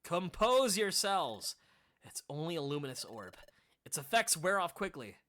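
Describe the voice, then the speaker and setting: A woman voicing a menacing male ghost lord who speaks in quiet, imperious commands in a fan dub of a game. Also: on the low side, sing-song, a little slow. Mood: stern.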